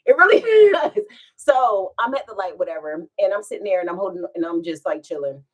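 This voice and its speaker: A woman's voice: mid-range voice, fairly quick. A woman vlogger, chatting casually at home and telling a rambling story with frequent laughs. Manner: animated, rambling, laughs often.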